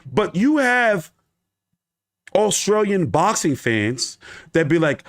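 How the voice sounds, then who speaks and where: A man's voice: high voice, very animated, slow, long pauses. A man hosting a boxing channel, ranting live with emphatic, profane repetition. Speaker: boxing YouTube host. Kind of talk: live boxing commentary rant.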